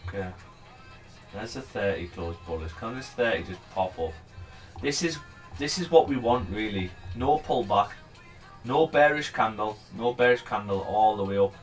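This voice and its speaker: A man's voice: on the low side, expressive, normal speed, faint music behind. A man giving casual, rambling commentary on a live trading stream. He chats freely, swears now and then, and urges the price on as he goes. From England.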